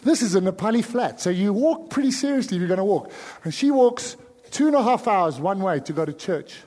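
A South African man preaching a sermon as pastor, dropping to hushed pleading and then rising to sudden loud cries. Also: sits high, expressive, a little fast, in a large hall.

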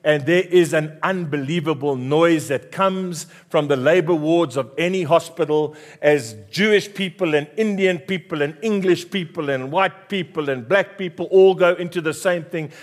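A man's voice: fairly high pitch, normal speed, hardly any pauses. A middle-aged South African man, a pastor, preaching a passionate sermon with emphatic repetition.

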